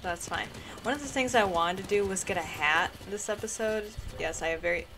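A woman's voice: medium pitch, a little fast, a bit bright, a little hiss or hum. A woman giving casual commentary while playing a video game, chatty and self-mocking, and she shrieks and laughs whenever a fight gets tense. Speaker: gaming channel host.

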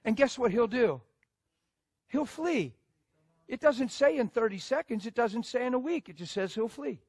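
A male preacher telling a story in a sermon, animated and emphatic, moving between loud bursts and hushed asides. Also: very high voice, normal speed, husky, no room sound.

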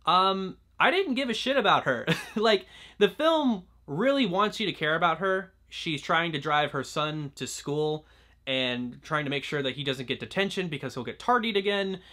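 Young man, film reviewer, casual chatty delivery, slightly high pitch, bright tone. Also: expressive, normal speed. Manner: chatty, fills talk with "like" and restarts. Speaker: movie reviewer.

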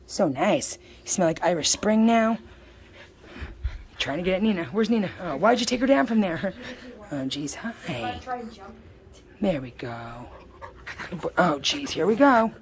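A woman's voice: medium pitch, big pitch swings, measured pace, long pauses, a little mellow. A woman filming a casual pet vlog, cooing baby talk at her dogs with dogs snorting nearby. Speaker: pet owner vlogger.

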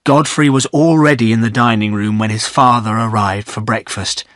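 A man narrating a graded-reader audiobook in a steady, clear storytelling manner. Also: lowish voice, normal speed, no room sound, clean studio sound.

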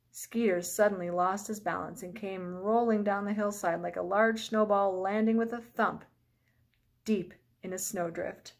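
A woman teacher reads a children's picture book aloud. Her narration is clear and gentle, at a mid pitch. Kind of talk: children's storybook read-aloud.

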